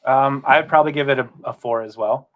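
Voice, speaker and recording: A man's voice: mid-range voice, brisk. A man, a guest photographer, explaining his work in an easygoing, step-by-step way. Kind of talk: casual chat.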